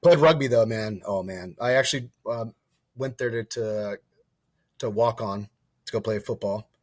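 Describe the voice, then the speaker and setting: A man's voice: on the low side, normal speed, no room sound, clean studio sound. A man of about forty telling his story as a podcast guest. He rambles, keeps correcting himself and acts out the dialogue. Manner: casual and profane, acts out quoted dialogue. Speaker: podcast guest, former soldier and wildland firefighter. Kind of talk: casual storytelling interview.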